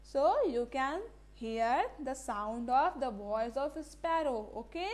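A woman's voice: high voice, expressive, slow pace, darkish tone. A woman teacher, giving a classroom lesson, asking the class questions and repeating key words, now and then slipping into Hindi. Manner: mixes Hindi phrases into English.

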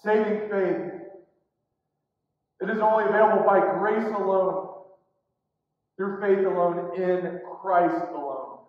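Dramatic preacher in an echoey hall. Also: male voice, high-pitched, fairly even intonation, takes it slowly, pauses often. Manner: dramatic, acts out quoted voices, swings from loud to hushed. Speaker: pastor. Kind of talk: sermon. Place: church sanctuary. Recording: echoey church hall, far from the mic, dull.

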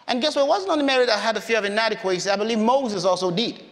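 Man, high voice, sermon, chatty preacher acting out Bible dialogue, long hall reverb. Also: racing, fairly bright tone. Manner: conversational, acts out Bible characters' dialogue.

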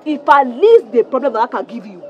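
An actress playing a loud, quarrelsome young woman with a Nigerian accent in a Nollywood film, ranting and fake crying. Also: sits high, sing-song, fairly quick, dull audio, faint music behind. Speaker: scheming woman demanding a refund.

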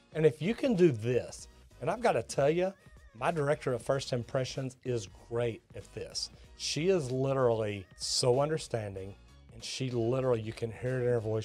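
A medium-pitched man who teaches plumbing gives tradespeople an energetic, emphatic business lesson, acting out conversations with customers.

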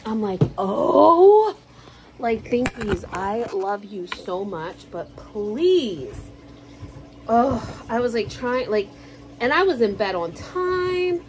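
Slow, chatty woman vlogging at home. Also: fairly high pitch, lively intonation, rough recording. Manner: chatty, slangy, jokey storytelling. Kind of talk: casual chat to camera.

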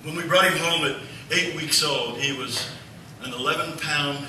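Pastor guy telling a folksy story in a sermon, high-ish voice, heard from far back in a big echoey church. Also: moderate pace, noisy background. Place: church sanctuary.

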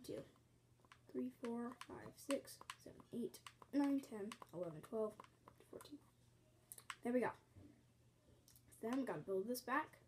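Slow, coughing woman counting blocks. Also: on the high side, dark tone, slight background noise. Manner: counts blocks aloud, apologetic. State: bouts of coughing. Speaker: game tutorial host. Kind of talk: step-by-step building tutorial. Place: at home.

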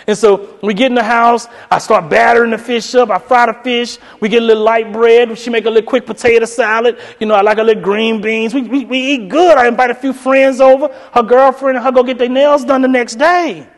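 A man giving a storytelling keynote speech, animated and acting out other people's voices. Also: fairly quick, hardly any pauses, long reverb tail. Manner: animated, acts out voices with high falsetto for women. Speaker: keynote speaker.

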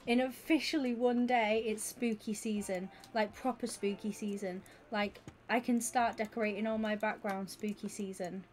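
A woman, chatting casually and excitably with viewers during a gaming stream. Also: medium pitch, normal speed, hardly any pauses. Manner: excitable and gushing, chatting with viewers while she plays. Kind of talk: casual live-stream chat.

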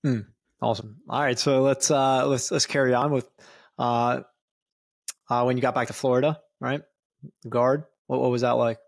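Male podcast host, relaxed and encouraging, dry room. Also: medium pitch, normal speed, creaky, no room sound. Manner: easygoing and encouraging. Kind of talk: casual interview.

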